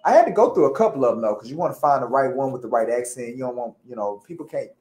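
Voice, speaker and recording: A woman co-hosting a casual chat, talking in a playful, slangy, lively way. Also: extremely low pitch, rapid-fire, echoey room. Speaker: co-host.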